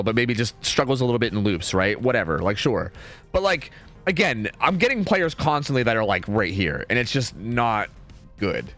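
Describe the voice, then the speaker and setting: A man's voice: mid-range voice, fairly bright tone. A young man streaming, ranting casually in a rambling way, full of "like" and "dude" and some swearing.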